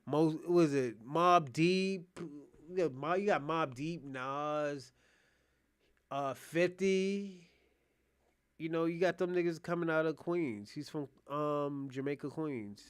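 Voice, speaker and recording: Reaction streamer, male, high and smooth voice, animated and profane, casual live commentary. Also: slow pace. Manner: animated, loose and profane, talking to chat.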